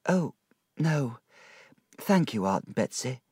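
A man voicing a young wife who is gravely ill, speaking softly, quietly and weakly. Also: mid-range voice, very animated, takes it slowly, no room sound, clean studio sound, pitched above the performer's own voice, full character voice. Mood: gentle. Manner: soft, quiet and weak. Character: young dying wife, gentle and loving.

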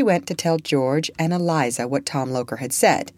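Woman narrator, storybook reading, low voice, lively, dry close sound. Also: moderate pace, dry recording.

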